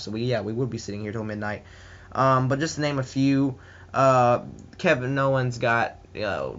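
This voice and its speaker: A man's voice: medium pitch, a bit bright, dull audio. Rambling Southern man reviewing wrestling. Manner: rambling and enthusiastic, with many fillers and restarts. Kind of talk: casual solo review.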